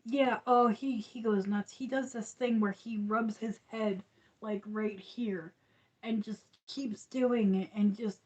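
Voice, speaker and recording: A woman's voice: medium pitch, measured pace, a little mellow, slightly rough, highs cut off. A woman hosting a crochet livestream, chatting casually and rambling with frequent laughs.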